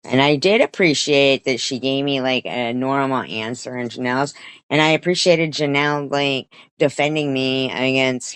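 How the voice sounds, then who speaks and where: A woman's voice: very deep voice, clean tone, no room sound. A woman streamer giving a rambling, profane commentary rant, with many restarts and quoted voices.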